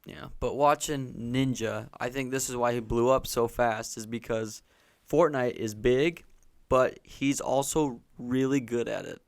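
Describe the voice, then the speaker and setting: A man's voice: mid-range voice, fairly even intonation, unhurried, vocal fry. A man co-hosting a gaming podcast in casual chat, rambling and restarting as he talks eagerly about video games. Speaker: podcast co-host.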